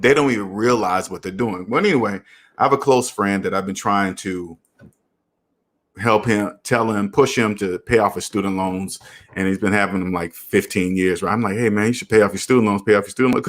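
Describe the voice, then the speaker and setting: A man hosting a casual live stream, reading viewer comments and lecturing earnestly about debt. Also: on the low side. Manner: earnest, preachy, animated. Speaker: channel host.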